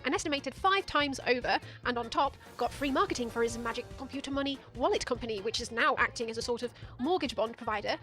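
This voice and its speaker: A woman's voice: fairly high pitch, fast, hardly any pauses, fairly bright tone, faint music behind. A woman giving sarcastic, profane commentary as the host of a video essay. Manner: sardonic, profane, mocking.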